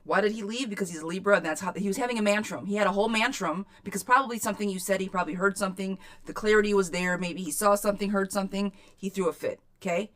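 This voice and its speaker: A woman's voice: mid-range voice, rapid-fire, hardly any pauses. A woman giving a live tarot reading to viewers, chatty and frank, swearing casually and calling people sweetheart. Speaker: tarot reader.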